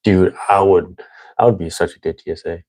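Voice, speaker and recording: A young man with a very deep, low voice talks loosely and rambles, stacking fillers as he goes. The recording is dry and close, with no room sound. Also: steady tone, a little fast, darkish tone, no echo. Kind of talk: casual chat.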